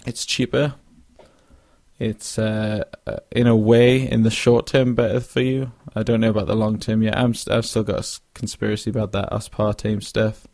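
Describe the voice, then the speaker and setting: This young podcast host talks alone in a loose, rambling way, restarting often, leaning on fillers, and yawning from drowsiness. His voice sits on the low side with a darkish tone, flat delivery and normal speed. The studio-quality recording is dry.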